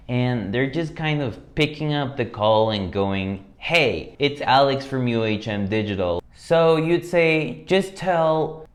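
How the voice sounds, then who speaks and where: Guy coaching cold calls, direct and sure of himself, mid-pitched voice. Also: darkish tone. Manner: direct and confident, acts out phone lines. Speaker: sales coach. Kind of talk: instructional talk.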